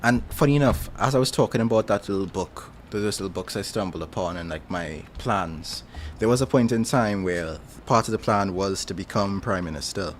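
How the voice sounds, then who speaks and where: A man's voice: lowish voice, moderate pace, slight background noise. A young man with a Trinidadian accent, casually chatting on a stream, rambling and self-deprecating with frequent chuckles. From Trinidad and Tobago.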